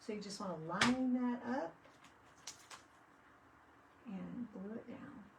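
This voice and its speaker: A woman's voice: on the high side, slow pace, noisy background. Chatty woman talking from a distance. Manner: rambling, chatty, with frequent restarts. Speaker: craft vlogger. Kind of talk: casual chat while crafting. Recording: voice picked up from a distance.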